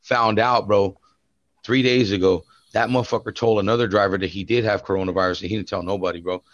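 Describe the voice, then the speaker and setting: A man's voice: lowish voice, steady tone, quick pace, no echo, muffled recording. A man co-hosting a podcast, telling stories in casual chat and swearing often. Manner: storytelling, profane, says "bro" often. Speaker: podcast co-host.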